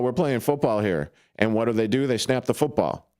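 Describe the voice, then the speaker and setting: A man's voice: medium pitch, expressive, brisk, darkish tone, smooth, no echo. A man hosting a casual sports talk radio show from a studio, talking in a loose, rambling way with plenty of fillers and restarts. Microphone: studio microphone.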